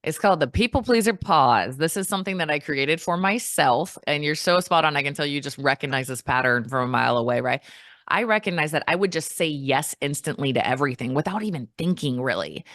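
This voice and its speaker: A woman with a low speaking voice talks as a guest coach in a relaxed interview. She is lively and jumps into playful quoted replies. The sound is dry and close. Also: fairly quick, no echo. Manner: animated, acts out quoted replies in a higher voice. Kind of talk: casual interview chat.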